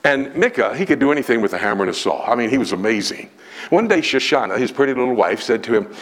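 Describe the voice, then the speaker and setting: A male preacher delivering a storytelling sermon in a dramatic, animated way with emphatic pauses. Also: mid-range voice.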